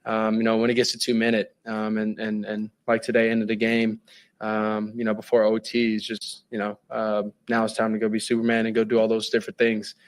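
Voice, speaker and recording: A man answering at a press conference, halting and hesitant, with many fillers as he talks. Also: lowish voice, completely flat delivery.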